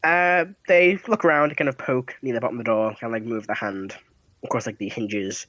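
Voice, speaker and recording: A man's voice: mid-range voice, a little fast, fairly bright tone, no echo. A man running a tabletop game as dungeon master, narrating scenes casually with fillers and laughs.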